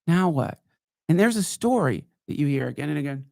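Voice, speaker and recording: A man hosting a podcast, telling rambling, profane stories in a wry, casual way, now and then jumping into high mocking voices. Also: very animated, fast, vocal fry, darkish tone, no echo, clean studio sound. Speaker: podcast host. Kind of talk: casual storytelling monologue. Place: live show.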